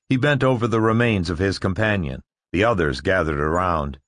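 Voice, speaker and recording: A man narrating a science-fiction story with expressive storytelling delivery. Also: low voice, normal speed, hardly any pauses, dry recording, clean studio sound. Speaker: audiobook narrator. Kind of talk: scripted narration.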